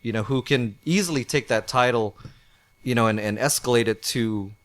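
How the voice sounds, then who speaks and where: A man in a relaxed conversation about wrestling, his sentences winding through fillers and restarts. He has a mid-range voice and an easy, chatty delivery. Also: mid-range voice, normal speed. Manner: rambling, many fillers and restarts. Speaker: podcast co-host. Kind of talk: casual wrestling review chat.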